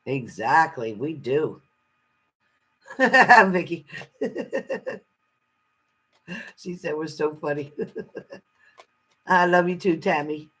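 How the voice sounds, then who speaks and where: A woman's voice: deep voice, takes it slowly, pauses often, slightly rough, rough recording. A woman giving a casual live-stream tarot card reading, chatty and salty, greeting viewers fondly and swearing freely.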